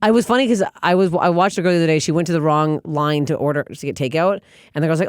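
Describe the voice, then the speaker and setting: A woman comedian as a podcast guest, blunt and profane, telling stories in animated casual chat. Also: low voice, very fast, clear, resonant tone, no room sound, clean studio sound.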